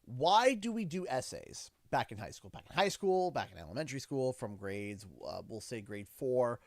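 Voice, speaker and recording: This thirtysomething host from Canada has a mid-range voice at moderate pace, with no echo. On his livestream he chats casually and animatedly re-enacts family conversations, quoting his kids and himself.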